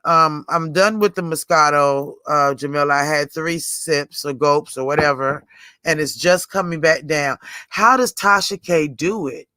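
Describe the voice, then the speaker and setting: A woman's voice: low voice, measured pace, bright, forceful tone, dry recording, studio quality. A woman in her forties hosting a livestream in rambling, casual chat, often laughing. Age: 40s. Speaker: livestream host.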